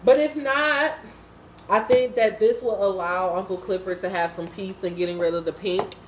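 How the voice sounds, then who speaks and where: A woman's voice: on the low side, fairly even intonation, brisk, reverberant, background noise. A woman giving unscripted, casual commentary on a TV episode, blunt, profane and impassioned. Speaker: TV episode reviewer.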